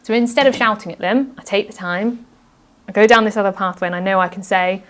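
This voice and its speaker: A woman's voice: medium pitch, fast talker, fairly bright tone. Woman guest, earnest and reflective, plays out sample phrases in casual chat. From United Kingdom. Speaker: podcast guest.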